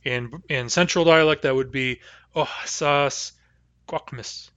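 A man teaching a language class, explaining grammar patiently and answering student questions, with frequent hesitations and slow, careful repetition of example sentences. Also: medium pitch, fairly bright tone, dry recording, highs cut off.

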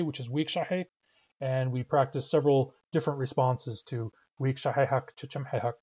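A man's voice: medium pitch, darkish tone, highs cut off. A man teaching a language class, explaining words and sentences patiently and methodically. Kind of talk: online language lesson.

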